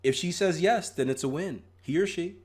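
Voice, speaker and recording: A man's voice: fairly high pitch, normal speed, darkish tone. A young man hosting a live trading stream in casual chat, joking, laughing at his own jokes and reading viewer comments aloud. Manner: frequent restarts and filler ums. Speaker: trading livestream host.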